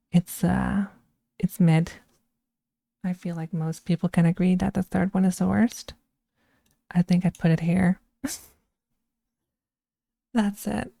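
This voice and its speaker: A woman streamer chatting casually and giving her opinions in an unhurried way. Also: on the low side, creaky, warm tone, no echo. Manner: unhurried and opinionated, with frequent restarts. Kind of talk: casual chat, ranking films.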